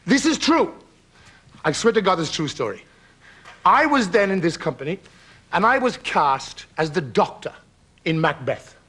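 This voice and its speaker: A man with an Irish accent, a talk show guest from Ireland, telling a story in an animated, theatrical way and laughing through his words. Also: high voice, moderate pace, long pauses, slightly rough. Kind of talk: lively anecdote on a talk show. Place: television studio with audience.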